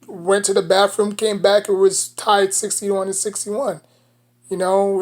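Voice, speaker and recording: A woman with a New York accent offers casual basketball commentary as a sports vlogger, rambling and filling gaps between thoughts with "you know." Her medium-pitched voice stays level and unhurried.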